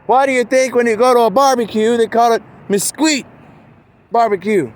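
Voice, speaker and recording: A man's voice: very high voice, normal speed. A man talking in a rambling, meandering casual monologue outdoors, full of fillers. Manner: meandering, with constant fillers like "man" and "you know".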